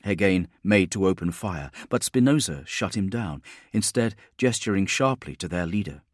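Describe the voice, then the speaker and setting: Here a low-voiced man narrates a sci-fi audiobook from a script, keeping his delivery even and deliberate. The recording is close and dry, without any trace of the room.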